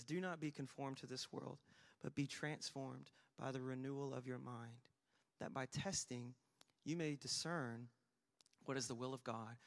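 A young man preaching a sermon, telling self-deprecating stories with sudden loud bursts of emphasis. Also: medium pitch. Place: church sanctuary. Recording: long hall reverb.

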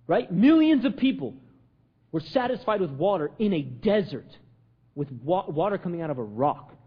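Animated high-voiced male preacher. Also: moderate pace, breathy edge, highs cut off. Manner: emphatic, repetitive rhetorical questions, swinging between loud and hushed. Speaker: pastor. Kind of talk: sermon.

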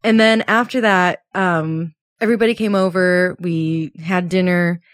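A woman's voice: fairly even intonation, unhurried, no echo. Chatty young woman, dry close mic. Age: 20s. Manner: chatty, laughs often, acts out quotes with a jump in pitch. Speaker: podcast co-host. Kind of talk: casual chat.

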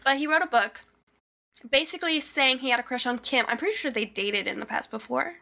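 A young woman co-hosting a podcast, gossiping casually, saying "like" constantly, with excitable gasps and squeals. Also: high voice, fairly quick, creaky. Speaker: podcast co-host.

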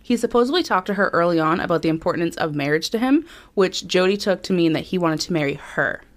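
Her lowish voice is expressive and moves at a quick pace. A podcast co-host, she tells a true crime story from notes in a chatty way, peppered with ums.

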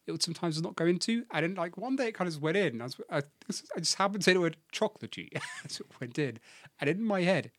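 A man's voice: a little high, animated, quick pace, a bit bright, no room sound. Giggly rambling man. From England. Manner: giggly, rambling, self-mocking. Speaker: podcast co-host. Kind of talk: casual chat.

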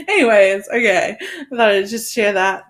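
Giggly woman, slightly high voice. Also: big pitch swings, slow pace. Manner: giggly, rambling storyteller. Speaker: podcast co-host. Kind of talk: casual chat.

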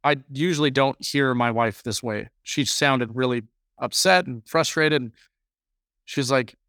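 A man co-hosting a podcast, telling a long story in a rambling, animated way during casual chat. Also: medium pitch, a little slow, no room sound, clean studio sound. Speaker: podcast co-host.

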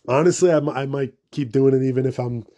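A young man talks through his own podcast in a loose, rambling way, swearing often and laughing at himself. His voice has a warm, darker tone and sits at an ordinary pitch. He keeps it casual and unscripted. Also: quick pace. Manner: rambling and profane, self-mocking asides. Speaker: podcast host. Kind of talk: casual solo podcast monologue.

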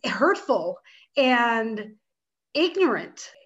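A woman in a casual panel discussion, speaking in a measured, earnest way. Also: on the high side, sing-song, fairly bright tone, highs cut off. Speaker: panel guest.

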